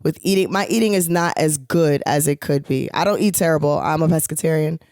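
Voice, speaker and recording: Low-voiced chatty woman, dry sound. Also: a little fast, a little mellow, no room sound. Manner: chatty, rambling with many fillers. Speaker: podcast co-host, touring singer. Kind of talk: casual chat.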